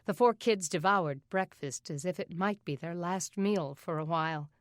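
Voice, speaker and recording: A woman narrating an audiobook in an even, steady reading voice. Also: fairly low pitch, normal speed, no echo, clean studio sound. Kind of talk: scripted narration.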